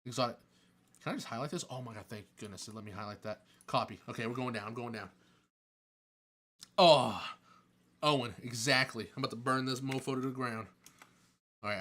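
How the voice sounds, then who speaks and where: A man casually answering chat questions on a live stream, chatty and excitable, joking and laughing often. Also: medium pitch.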